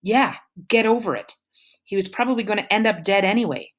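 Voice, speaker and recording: A woman's voice: mid-range voice, lively intonation, fairly quick, voice pushed up, lightly acted. A woman reading aloud, voicing a snide, defensive teenage girl with a whiny, raised voice. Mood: dismissive.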